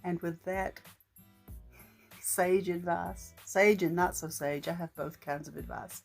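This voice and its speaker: A middle-aged woman, talking earnestly to her vlog audience in a gentle, shaky, emotional voice. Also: fairly low pitch, fairly even intonation, takes it slowly, vocal fry, soft background music. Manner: gentle and earnest, with faith talk and small restarts. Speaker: vlogger. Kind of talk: heartfelt personal vlog talk.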